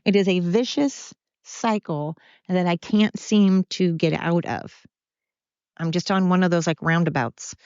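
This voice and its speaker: A woman's voice: fairly low pitch, measured pace, a little mellow, smooth, no room sound, muffled recording. A middle-aged woman hosting a confessional solo podcast from home, rambling and apologetic as she talks through her struggles. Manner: rambling, apologetic, openly emotional. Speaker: podcast host.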